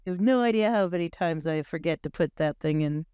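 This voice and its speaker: Casual stream host, male, bright high register, crisp tone, playful countdown calls. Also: a little fast, no room sound, muffled recording. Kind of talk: casual live-stream chat.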